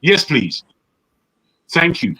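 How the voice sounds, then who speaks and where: A man's voice: on the high side, sing-song, very slow, crowd noise, poor audio. A man from Nigeria, hectoring a panel with heated rhetorical questions. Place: living in the West.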